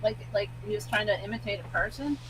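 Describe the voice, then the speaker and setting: A woman's voice: medium pitch, fast talker. A woman co-hosting a live stream from a remote line, throwing in dry teasing remarks. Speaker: co-host. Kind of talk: casual live-stream chat. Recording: noisy line with a hum.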